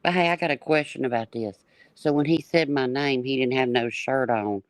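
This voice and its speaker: A woman's voice: very deep voice, normal speed, no room sound. A woman on a livestream panel, talking bluntly and brashly with cursing. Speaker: panel guest. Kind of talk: casual livestream chat.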